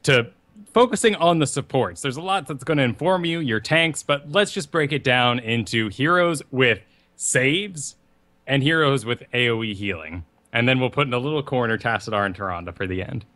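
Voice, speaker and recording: A man's voice: mid-range voice, lively intonation, moderate pace, a bit bright. A man co-hosting a gaming podcast, breaking strategy down step by step with wry asides. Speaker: podcast co-host. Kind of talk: casual podcast chat and strategy explanation.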